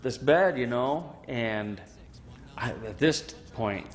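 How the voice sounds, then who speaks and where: With a mid-range voice and a slow pace, a man in his forties recounts his time as a veteran in an oral history interview. The Michigan native is an animated storyteller, acting out quotes and saying "you know" a lot. Long reverb lingers after each phrase.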